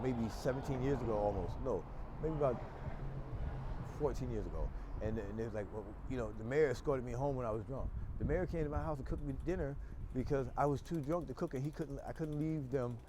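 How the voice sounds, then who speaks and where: An older man chatting loudly and rambling through jokes and stories outdoors on a city street. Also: mid-range voice, a little fast. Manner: loud, joking, rambling storyteller. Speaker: local street personality. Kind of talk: casual chat while walking the street. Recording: outdoor street noise, traffic.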